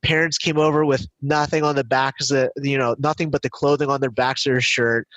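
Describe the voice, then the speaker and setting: A man speaking as a guest on an interview podcast, reflective, with frequent restarts, growing lively when he tells stories. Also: medium pitch, brisk, no echo, dull audio. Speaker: business finance coach as podcast guest. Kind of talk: casual interview storytelling.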